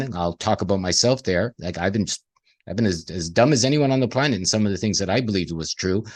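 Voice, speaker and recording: Brief: man, lowish voice, rambling animated co-host in casual spiritual talk. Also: fast talker.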